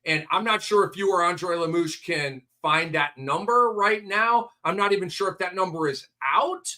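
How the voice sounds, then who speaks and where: A man's voice: high voice, moderate pace, bright, forceful tone. A man hosting a casual sports betting chat, talkative and emphatic. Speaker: host.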